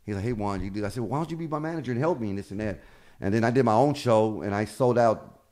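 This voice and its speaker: This comedian guest has a low-leaning voice and talks fast, telling lively stories in an informal conversation. He impersonates the people he quotes and swears a lot.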